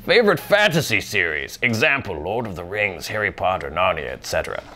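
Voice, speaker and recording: A man's voice: low voice, very animated, brisk, bright, forceful tone, slight background noise, full character voice. A man putting on the voice of an old male wizard while reading out a listener's question. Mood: grave.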